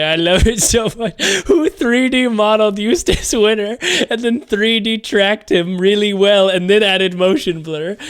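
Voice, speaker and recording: A young man streaming a game live, rambling and excitable with lots of fillers. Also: sits high, clean tone.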